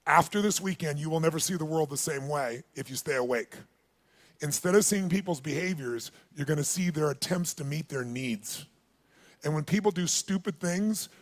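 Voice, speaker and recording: High-voiced man telling a seminar story. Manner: animated, calls on the audience, acts out dialogue. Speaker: motivational speaker.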